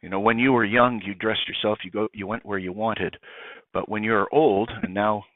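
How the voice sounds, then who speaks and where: A priest telling a story in a lively way, acting out the dialogue. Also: male voice, lowish voice, moderate pace, dry recording. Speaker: priest guest. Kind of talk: animated conversational reflection. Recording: tinny phone-like sound, dry.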